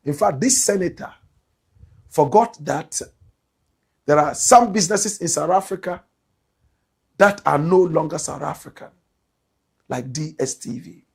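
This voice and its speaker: Husky Ghanaian man in emphatic commentary. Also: a little high, measured pace, pauses often. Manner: emphatic, repeats key phrases. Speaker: commentator and show host. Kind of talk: political commentary.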